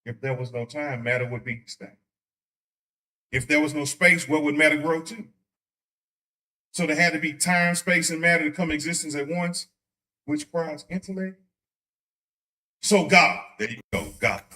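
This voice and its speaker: A man teaching a church Bible study in a casual, joking way, slipping into quick voices to make his points. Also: on the high side, sharp tone. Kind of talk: conversational sermon. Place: church sanctuary.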